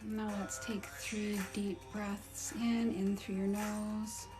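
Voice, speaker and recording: A woman hosting a live guided meditation, speaking slowly and softly with blessings and breathing cues. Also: medium pitch, little pitch movement, music in the background. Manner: slow, soft and soothing; gushing and giggly in farewells. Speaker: spiritual meditation host. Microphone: livestream phone or computer mic.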